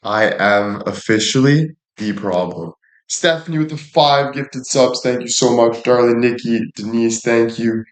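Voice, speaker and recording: During a casual livestream recorded in an echoey room, a medium-pitched man speaks a little slowly. He kids around, curses without restraint and thanks viewers by name.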